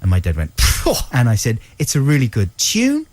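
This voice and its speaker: A middle-aged man co-hosting a comedy radio show, playful and quick to laugh. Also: medium pitch, huge pitch swings, a little mellow. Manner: playful, laughs often, does impressions. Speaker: radio co-host. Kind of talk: comic radio banter.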